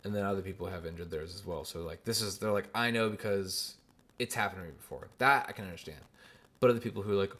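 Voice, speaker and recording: Give me a young man with a low voice telling a profane, animated story on his podcast. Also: fast talker. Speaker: podcast host. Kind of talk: casual solo podcast chat.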